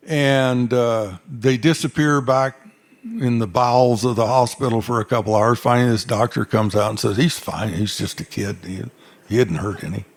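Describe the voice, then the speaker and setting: An older man from Arizona, telling cowboy stories onstage in a folksy, dry-humored drawl. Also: mid-range voice. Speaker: cowboy storyteller. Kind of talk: onstage storytelling. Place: stage before a live audience.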